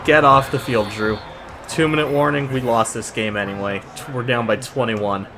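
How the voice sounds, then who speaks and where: Over music, this gaming YouTuber talks through his football game's plays as they happen, sounding exasperated and sarcastic and frequently restarting. He has a mid-range voice with fairly even intonation and a normal speed.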